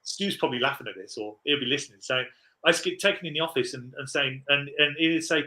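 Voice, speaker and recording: A man's voice: a little high, fast, sharp tone, poor audio. A man in his forties, a podcast guest, telling rambling, laughing anecdotes in casual chat.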